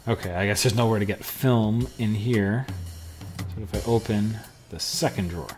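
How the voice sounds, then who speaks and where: A man with a lowish voice plays through an adventure game for his podcast. He mutters commands to himself and reads the game's text aloud in a casual way. He drops dry, amused asides. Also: normal speed, darkish tone, soft background music. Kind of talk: casual let's-play commentary and reading game text aloud.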